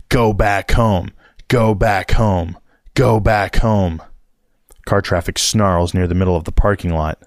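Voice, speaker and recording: A man narrating a novel in the first person, with a measured, wry delivery. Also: lowish voice, dry recording, clean studio sound. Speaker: audiobook narrator.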